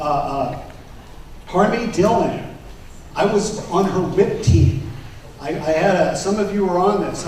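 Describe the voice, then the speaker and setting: A man running for party office, giving an animated campaign speech to delegates and telling a story with quoted back-and-forth. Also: fairly high pitch. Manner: animated, acts out quoted exchanges. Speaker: political candidate. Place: convention hall. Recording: very echoey hall, speaker far from mic, faint noise.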